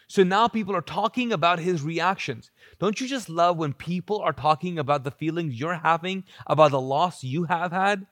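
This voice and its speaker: A man preaching a live church sermon in an animated, conversational way, acting out quotes and restarting often. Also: a little high, moderate pace, hardly any pauses, no room sound, studio quality. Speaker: pastor.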